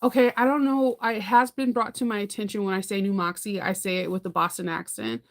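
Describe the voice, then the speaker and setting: Woman host for a relaxed sewing live chat: talkative, rambling, quick to laugh. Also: medium pitch, creaky, a little hiss or hum. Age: adult parent. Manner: chatty, rambling, laughs often, answers viewer comments. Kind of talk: casual livestream chat.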